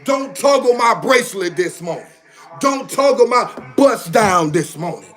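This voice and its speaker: A man's voice: high voice, expressive, a little slow, fairly bright tone, soft background music. A man ranting on a livestream in a heated, emphatic way, repeating his phrases again and again. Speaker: live streamer. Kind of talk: casual livestream rant.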